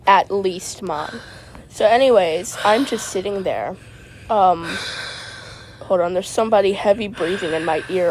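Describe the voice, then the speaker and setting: A woman's voice: mid-range voice, slight background noise. Rambling woman telling a story from her car. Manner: rambling, stammering, constantly adds "man". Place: inside a parked car.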